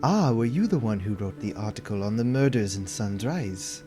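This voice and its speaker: A man's voice: fairly low pitch, lively intonation, moderate pace, mellow, natural voice. A man voicing a polite, formal elderly male merchant in green robes, with music behind. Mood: courteous.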